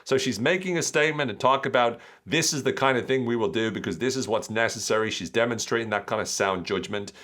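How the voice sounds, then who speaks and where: An Irish man hosting an analytical commentary podcast, reading out quotes and explaining them, often dropping into quiet asides. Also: mid-range voice, quick pace, few pauses. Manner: explanatory, reads quotes aloud then breaks them down. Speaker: podcast host.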